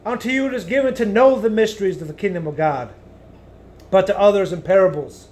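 Loud, high-voiced man preaching a sermon. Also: brisk. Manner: loud, emphatic, swings between booming and hushed.

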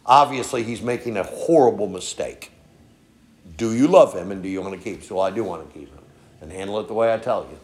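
A man preaching a sermon in a folksy storytelling way, peppering his points with "okay?" and swinging from soft asides to loud emphatic lines. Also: on the low side, brisk. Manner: folksy storytelling, frequent "okay?" tag questions. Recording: echoey room.

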